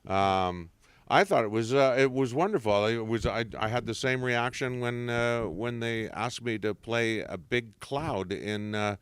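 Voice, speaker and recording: Jovial man with a smooth, dry voice. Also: medium pitch, unhurried, fairly bright tone, dry recording. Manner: jovial storyteller, slips into voices and big laughs. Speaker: voice actor guest. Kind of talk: convention interview chat. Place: convention room.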